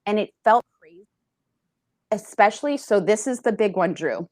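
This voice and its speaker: A woman's voice: mid-range voice, lively intonation, normal speed, darkish tone, no echo, studio quality. A woman who works as a personal trainer, talking earnestly in a casual interview, often laughing and acting out what people said. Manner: earnest, laughing, acts out quoted voices. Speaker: personal trainer, podcast guest.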